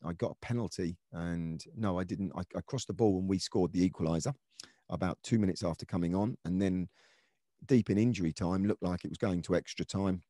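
An earnest middle-aged man recalls his playing days in a relaxed interview, pausing and restarting as he goes. His voice sits very low and mellow, recorded close and dry with no room sound. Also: dry recording. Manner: earnest, reflective, many restarts and fillers. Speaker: former footballer, podcast guest. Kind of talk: conversational storytelling interview.

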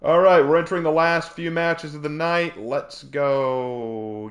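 A man's voice: fairly high pitch, unhurried. A man from South Carolina hosting a game live stream, chatting in a rambling, jokey way with goofy asides. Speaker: streamer host. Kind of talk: joking live-stream chat while gaming.

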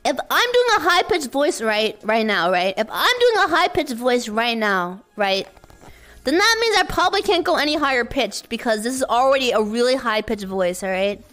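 A young woman streaming live, chatting casually with her viewers and often breaking into shrieking shouts and laughter. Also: a little high, very animated, normal speed. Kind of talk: casual livestream chat.

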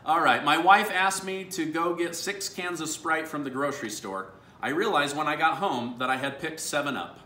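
A man's voice: a little high, normal speed, hardly any pauses, pushed and bright, reverberant, a little hiss or hum. A man hosting a family video, reading dad jokes aloud and laughing at his own punchlines. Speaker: YouTube host reading viewer dad jokes. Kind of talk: casual family vlog.

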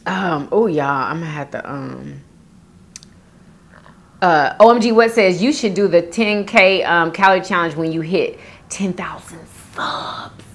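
A woman's voice: on the low side, measured pace. A woman, chatting casually as a vlogger, reading viewer comments aloud and laughing often.

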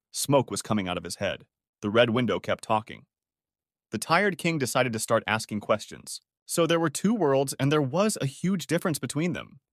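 Man, story recap narrator, scripted read-aloud, animated pitch, dry close recording. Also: no room sound.

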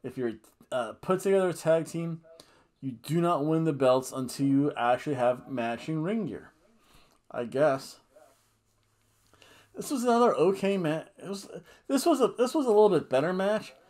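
A man's voice: on the high side, lively intonation, moderate pace, a little mellow. Rambling, tipsy man. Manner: jokey, rambling, breaks into goofy singing and chants. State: a bit tipsy from wine. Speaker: podcast co-host reviewing wrestling. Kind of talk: casual rambling review.

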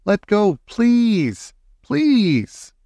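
A man's voice: high voice, a little slow, no echo, clean studio sound, pitched above the performer's own voice, full character voice. A man doing an eager young girl. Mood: pleading. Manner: bright excited chatter, pleading. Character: eager friendly young girl, bold and cheerful.

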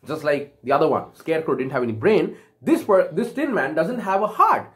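A woman teacher telling a story to children in a recorded online lesson, pausing for recaps and questions. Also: deep voice, lively intonation.

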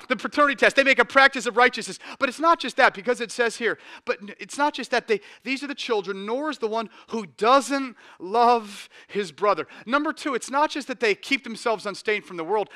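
Male pastor, thirties, dry close sound, lively storytelling sermon delivery. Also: very high voice, fairly quick, hardly any pauses, no room sound. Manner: animated storytelling with shifts between quiet intensity and loud energy.

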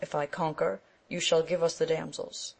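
An angry young knight boldly dares his enemy to come out and fight, as a woman reads him aloud in an audiobook. The voice is low and gravelly. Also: little pitch movement, moderate pace. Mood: challenging. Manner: bold, challenging. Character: angry young male knight issuing a challenge.

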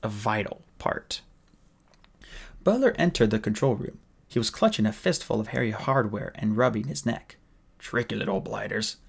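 A man reading a novel aloud as an audiobook, with steady, plain storytelling. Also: fairly low pitch, moderate pace, vocal fry, breathy edge. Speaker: audiobook reader.

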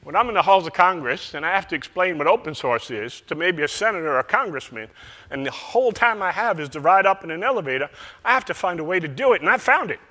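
A man's voice: sits high, expressive, fast, pushed and bright, pitched above the performer's own voice, full character voice. A man putting on a Southern US accent to quote a folksy, persuasive colleague. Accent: Southern US, put on. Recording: reverberant hall sound.

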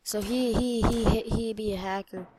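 A young woman giving casual commentary while playing a shooter game, excitable and often muttering to herself. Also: a little high, moderate pace, very noisy. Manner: excitable, swears mildly, trails off into mumbling. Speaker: gamer. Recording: faint game gunfire behind.

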